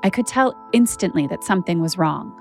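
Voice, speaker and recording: A woman's voice: lowish voice, lively intonation, fairly quick, darkish tone, faint music behind. A woman journalist telling a personal story as a podcast narrator, candid and conversational with frequent "like" fillers.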